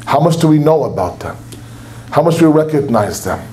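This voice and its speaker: A man's voice: fairly high pitch, big pitch swings, a little fast, dark tone, slight background noise. A young man preaching a sermon at a religious center, impassioned, acting out quotes in a raised voice. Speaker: speaker at a religious gathering. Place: lecture hall at a religious center.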